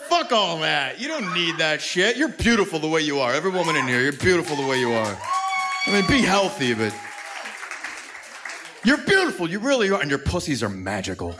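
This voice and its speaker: A man's voice: fairly high pitch, sing-song, brisk, music in the background, crowd noise. Brash, profane stand-up comedian man. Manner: brash, profane, shouting punchlines. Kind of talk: stand-up set. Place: comedy club before a live audience. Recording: noisy live club recording.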